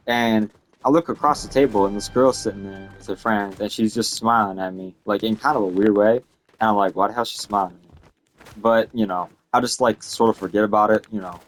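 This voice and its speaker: A late-teen young man with a slightly low voice tells a story in an exasperated, profane ramble. He keeps checking in with the listener with "okay?" and "all right?", like a casual storytime vlog. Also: fairly even intonation, brisk, soft background music. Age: late teens. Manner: exasperated, ranting.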